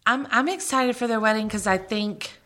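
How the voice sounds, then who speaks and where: A woman co-hosting a podcast in casual gossip chat, animated and giggly, acting out quoted voices. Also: a little high, moderate pace. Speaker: podcast co-host.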